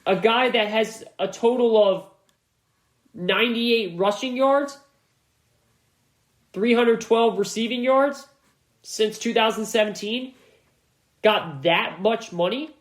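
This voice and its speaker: A man's voice: high-pitched, slow pace, long pauses. A man hosts a sports podcast on his own, and his voice carries a noticeable room echo. He talks in a loose, slangy way and drives home his points by repeating them for emphasis. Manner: casual and conversational, with slang. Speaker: podcast host. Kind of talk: solo sports analysis podcast.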